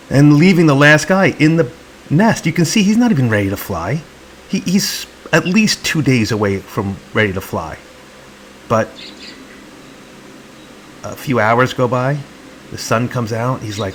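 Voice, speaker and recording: A man's voice: medium pitch, expressive, normal speed, a little hiss or hum, rough recording. A man hosting a comedy video, narrating in a mock-serious, earnest tone and speaking for the birds he films. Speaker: channel host.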